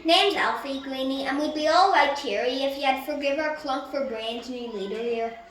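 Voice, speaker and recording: A woman voicing a friendly, easygoing teenage boy with an odd accent who calms others down. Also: high-pitched, normal speed, very echoey, recorded from a distance, slight background noise.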